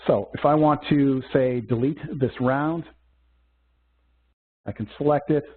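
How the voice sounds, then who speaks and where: Guy doing a software webcast demo, step by step, husky-ish voice, tinny call audio. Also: medium pitch, unhurried. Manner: methodical step-by-step explaining with fillers. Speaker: software instructor.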